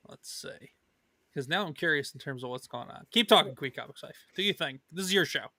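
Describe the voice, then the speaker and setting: A man's voice: on the high side, animated, a little fast, bright, forceful tone, dry recording. A man co-hosting a casual live stream, reading viewer comments aloud and laughing often. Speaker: stream co-host reading chat.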